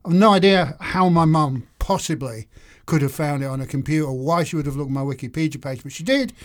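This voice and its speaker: A man's voice: a little high, fairly quick. A man, a guest author chatting in a podcast interview, wry and self-mocking, often breaking into laughs. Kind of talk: casual interview chat.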